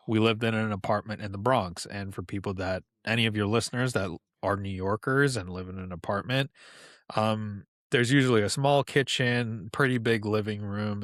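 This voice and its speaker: A man in his thirties from New York, a podcast guest telling personal stories in a relaxed, conversational way with asides. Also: lowish voice, no room sound, studio quality. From New York, USA. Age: 30s. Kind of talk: casual storytelling.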